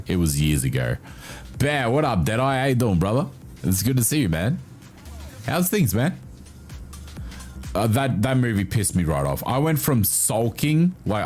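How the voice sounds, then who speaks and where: A man livestreaming, chatting casually with his viewers and reacting to their messages with laughs and swearing. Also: low voice. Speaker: livestreamer reading chat.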